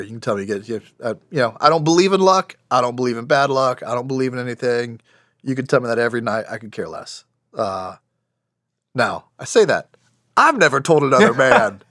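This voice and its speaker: Speaking in a medium, slightly bright voice, an American man in his forties who served in special operations shares stories on a podcast. He's plain and wry, frequently starting his sentences over. The recording is clean and studio-made, free of echo.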